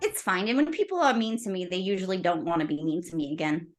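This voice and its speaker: A woman's voice: on the low side, expressive, fast talker, faint music behind, pitched below the performer's own voice, close to an everyday voice. A woman voicing a cheerful, confident teenage girl superhero in a tabletop role-play, giggly and teasing. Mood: breezy.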